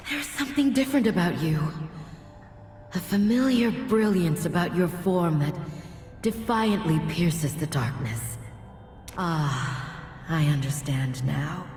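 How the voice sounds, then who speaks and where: Varathiel, a stately angel. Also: female voice, fairly low pitch, takes it slowly, a little mellow. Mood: solemn. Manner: grave, formal, stately. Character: solemn freed female angel, ancient and wise. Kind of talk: game cutscene voice acting. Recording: reverberant hall with faint music.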